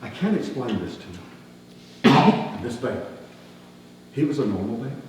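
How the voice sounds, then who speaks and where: A pastor playing a folksy skeptical shepherd. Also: male voice, mid-range voice, a little slow, voice pushed down. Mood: earnest. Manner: folksy, colloquial grammar, rising animated questioning. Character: skeptical rough-spoken male shepherd, outcast, earthy. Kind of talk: first-person dramatic sermon monologue. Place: church sanctuary. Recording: echoey hall, distant mic, faint hum.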